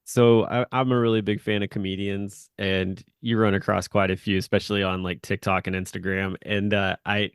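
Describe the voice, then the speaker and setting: A man's voice: lowish voice, little pitch movement, moderate pace, hardly any pauses, clear, resonant tone, dry recording, studio quality. A man co-hosting a podcast in casual chat, telling a story in an amused way.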